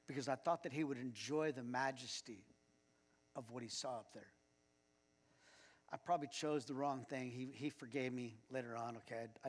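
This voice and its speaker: A man preaching a sermon as pastor. He speaks conversationally and chuckles as he tells personal anecdotes. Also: mid-range voice. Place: church sanctuary. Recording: long church reverb.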